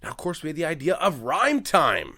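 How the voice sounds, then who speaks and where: Energetic, self-mocking man hosting a podcast. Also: fairly high pitch, brisk. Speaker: podcast host. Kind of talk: comedic podcast monologue.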